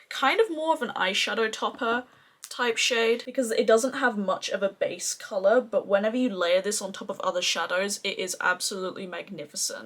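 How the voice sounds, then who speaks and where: A woman's voice: medium pitch, a bit bright. Gushing Australian woman reviewing makeup. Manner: gushing, chatty, effusive. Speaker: beauty vlogger.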